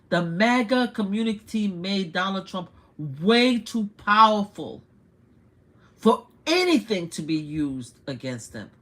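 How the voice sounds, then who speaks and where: Older woman, new york accent, live-stream commentary, blunt, rhetorical questions, medium pitch. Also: very animated, slow pace. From United States. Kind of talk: casual political commentary.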